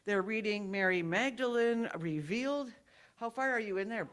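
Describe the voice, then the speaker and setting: A woman's voice: medium pitch, moderate pace, clean tone. A woman giving friendly, rambling church announcements as board president, often stopping to correct herself.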